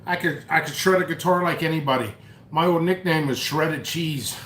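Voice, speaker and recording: At home eating noodles, a man hosts a rambling live stream, reading comments and telling a story. He often mocks and restarts his sentences. His voice is on the high side at a moderate pace, with a roomy sound and a noisy background.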